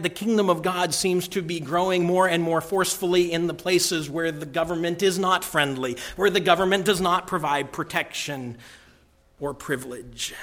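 Emphatic preacher man, slightly high voice. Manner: emphatic, repeats key phrases, swings from loud to hushed. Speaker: pastor. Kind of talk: sermon.

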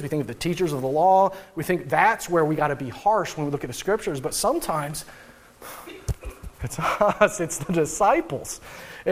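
A man preaching a sermon as pastor, reading scripture aloud and then talking it through with light chuckles and voiced asides. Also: sits high.

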